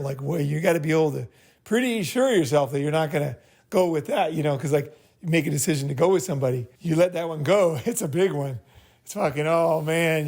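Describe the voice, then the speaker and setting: In a slightly high, somewhat mellow voice, a man hosting a group meeting gives rambling, blunt advice laced with profanity. Each point ends with a check-in of "right?"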